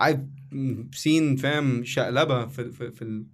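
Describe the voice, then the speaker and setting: A man's voice: mid-range voice, quick pace, a little hiss or hum. A young Egyptian man hosting a podcast, talking in an emotional, rambling way with restarts. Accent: Egyptian Arabic. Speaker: podcast host and comedian. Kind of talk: casual podcast conversation.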